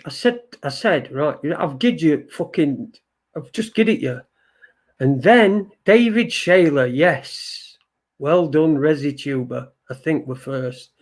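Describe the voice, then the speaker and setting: Male stream host, fairly high voice, unhurried, loose and sweary, keeps repeating himself. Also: a little mellow. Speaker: livestream show host. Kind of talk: casual live-stream chat, reading viewer comments.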